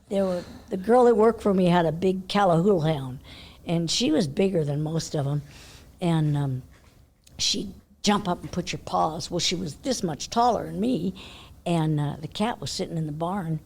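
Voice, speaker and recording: An older woman from California, a horse trainer, telling a long story in a chatty way, laughing often and dropping to a hush for her inner thoughts. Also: lowish voice, lively intonation, moderate pace, creaky, slight background noise. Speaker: interview guest, horse trainer. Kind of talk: casual storytelling.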